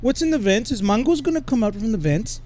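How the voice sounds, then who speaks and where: A man with a Mexican accent doing comedic, crude gameplay commentary and often yelling. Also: extremely high pitch, lively intonation, fast. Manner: loud, crude, joking, yells in bursts. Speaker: gaming YouTuber.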